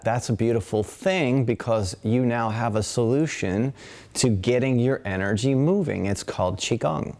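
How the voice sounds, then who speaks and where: A man teaching qigong in a webinar, calmly counting breaths aloud and asking rhetorical questions. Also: on the low side. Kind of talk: guided qigong instruction. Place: indoor studio with camera. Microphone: webinar camera mic.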